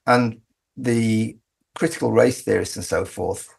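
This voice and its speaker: As a guest in a conversational interview, a man with a lowish, husky voice and vocal fry talks a little slowly with fairly even intonation. He makes his case argumentatively and emphatically, often starting sentences over.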